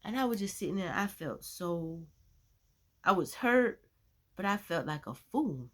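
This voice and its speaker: A woman sharing a personal faith testimony as a vlogger, in a chatty, animated storytelling way with lots of "you know.". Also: on the low side, unhurried. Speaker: Christian vlogger.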